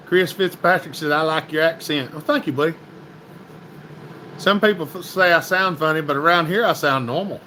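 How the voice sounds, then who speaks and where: A man's voice: on the high side, moderate pace, pushed and bright, slight background noise, low-quality recording. Folksy man chatting on a livestream. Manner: folksy, chatty, greets viewers by name. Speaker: livestream host. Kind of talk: casual livestream chat reading comments.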